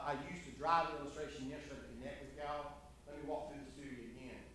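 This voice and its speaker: A man's voice: a little high, background noise. A man preaching to a congregation, praying and then talking in a folksy, joking way. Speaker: visiting preacher. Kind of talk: sermon with prayer. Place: church sanctuary. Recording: roomy church sound from a distant mic.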